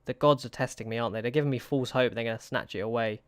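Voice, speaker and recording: A young man talks through a football management game in a smooth, clear voice at an ordinary pitch. He frets and pleads with his players, sighing between matches. The sound is dry and close. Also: quick pace, hardly any pauses, dry recording. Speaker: gaming YouTuber. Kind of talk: casual gameplay commentary.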